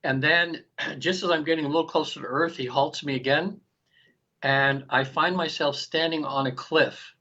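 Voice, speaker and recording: Bright-voiced man in his sixties recounting. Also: on the high side, normal speed. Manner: animated storyteller, acts out quoted lines, frequent restarts. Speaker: guest. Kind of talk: personal storytelling in an interview. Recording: dull lo-fi recording.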